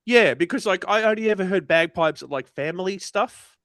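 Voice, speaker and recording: A man's voice: high-pitched, fairly quick, fairly bright tone, no echo, clean studio sound. A man with an Australian accent, a guest on a podcast, telling stories and chatting with enthusiasm. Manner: chatty, tells anecdotes with enthusiasm. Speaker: wrestling commentator, podcast guest. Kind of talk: casual podcast chat.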